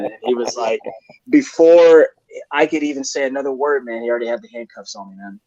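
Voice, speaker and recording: A man's voice: medium pitch, fairly quick, darkish tone. A young man casually telling a long story on a live panel show, rambling, laughing and swearing with heavy slang. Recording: dull lo-fi live stream audio.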